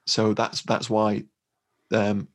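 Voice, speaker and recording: A man's voice: lowish voice, monotone, slow. A man co-hosting a podcast, recapping a war horror film in a wry, rambling way with dry jokes. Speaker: podcast co-host. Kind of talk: casual film discussion.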